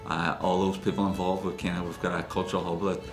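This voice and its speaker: A man giving a measured interview, pausing often with fillers. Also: low voice, flat delivery, echoey room, over music. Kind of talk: interview talk.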